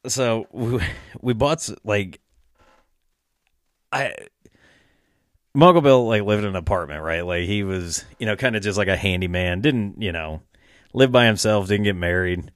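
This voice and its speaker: A man's voice: lowish voice, normal speed, pauses often, fairly bright tone, no echo, studio quality. A young man telling a long, rambling story in casual chat, with lots of fillers and swearing, often breaking into laughter.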